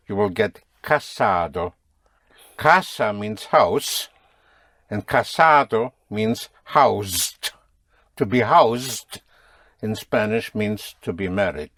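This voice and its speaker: A man's voice: on the low side, a bit bright, no echo. A man teaching a spoken language lesson, patiently drilling and correcting his students.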